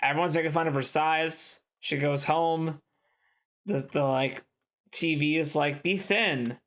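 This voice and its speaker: A man with a fairly high voice co-hosts a casual podcast. He rambles through film plots in an animated, offhand way and slips in quick quoted lines as he goes. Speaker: podcast co-host. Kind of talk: casual chat.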